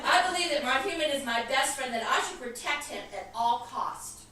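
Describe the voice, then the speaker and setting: A woman's voice: high voice, animated, normal speed, pushed and bright, some chatter behind. A woman minister voicing a loyal, devoted dog in a joke she tells from the pulpit, in a near-everyday voice. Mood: earnest. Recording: echoey hall from far off, room noise.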